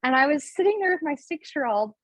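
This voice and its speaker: Speaking as a guest on a podcast, this thirtysomething woman recounts a family story in a chatty, heartfelt rush, scattering "like" throughout. Her voice sits high and sounds expressive, with no room sound. The remote audio comes across as dull and a bit lo-fi.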